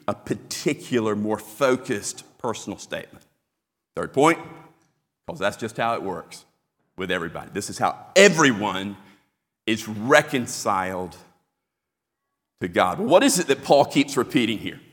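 Animated preacher in a reverberant hall. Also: male voice, on the low side, normal speed. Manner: animated preaching with emphatic repetition. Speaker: pastor. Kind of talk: sermon.

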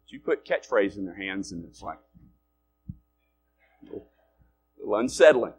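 Man preaching with big swings in loudness. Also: on the low side, expressive, a little slow, a little hiss or hum. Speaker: pastor. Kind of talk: sermon.

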